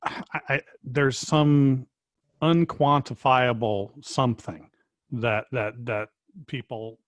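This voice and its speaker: A man hosting a casual interview, asking questions in a halting way and repeating words as he thinks. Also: mid-range voice, fairly even intonation, dry recording. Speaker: interviewer host.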